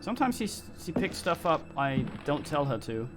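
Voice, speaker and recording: A man's voice: a little high, very animated, moderate pace, music in the background. Rambling, swearing male game streamer. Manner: rambling, mumbling, frequent swearing. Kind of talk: casual live-stream commentary.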